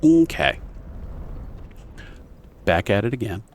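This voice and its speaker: A man's voice: fairly low pitch, very animated, slow pace. A young man streaming a video game, rambling casually with lots of fillers and self-corrections. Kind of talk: casual gameplay commentary.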